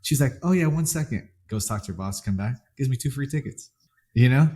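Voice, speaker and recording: A man's voice: medium pitch, a little fast, a little mellow. A man hosting a podcast, telling rambling anecdotes in a casual, chatty way. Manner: rambling anecdotes, lots of fillers and restarts. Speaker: podcast host. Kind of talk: casual chat.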